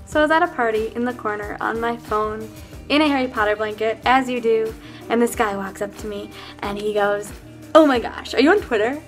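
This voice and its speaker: A woman telling an awkward personal anecdote with dry, deadpan humor. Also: fairly high pitch, brisk, soft background music. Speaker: storyteller.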